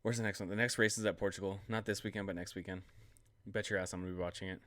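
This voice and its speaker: Young male sports vlogger, low-ish voice, dry close sound, loose rambling self-mocking delivery. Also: steady tone, racing, a bit bright, no room sound. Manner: rambling, self-deprecating, lots of fillers. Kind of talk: casual solo commentary.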